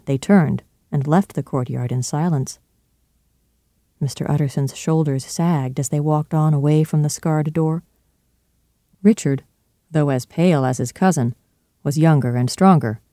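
A calm storybook narrator reads with a steady, measured delivery. The voice is mellow and warm, recorded close and dry. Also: medium pitch, dry recording.

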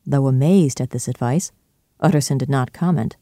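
A man narrating a classic novel in a clear, steady storytelling style. His voice is mellow and dark, and the recording is dry and close. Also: medium pitch, moderate pace, dry recording. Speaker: audiobook narrator. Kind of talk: scripted narration.

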